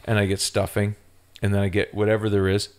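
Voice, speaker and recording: A man's voice: lowish voice, monotone, fast talker, darkish tone, clean tone. A man telling rambling, playful stories in casual chat as a podcast co-host.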